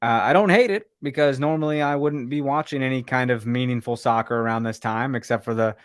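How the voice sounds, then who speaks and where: A man's voice: mid-range voice, a little fast, clear, resonant tone, no room sound, studio quality. A young man co-hosting a casual sports podcast, joking and teasing his co-host in a playful way.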